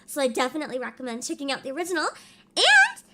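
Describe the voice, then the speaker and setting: A woman streamer chatting casually on a livestream, bubbly and sing-song as she reads out names, her voice rough because she is sick. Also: sits high, wildly swooping pitch, fast talker, sharp tone. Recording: faint background music.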